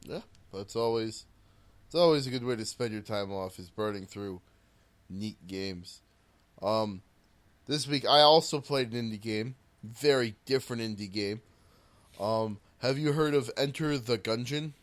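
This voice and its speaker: Casting: young male podcast co-host, relaxed and agreeable, halting casual speech. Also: on the low side. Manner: easygoing, hesitant, agreeable. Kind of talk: casual chat about games.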